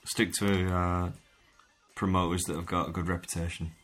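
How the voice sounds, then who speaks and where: A man's voice: low voice, little pitch movement, moderate pace, fairly bright tone, soft background music. A man in his young adult years hosting a podcast, laid-back and sweary as he leads the segments. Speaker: podcast host. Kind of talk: casual banter.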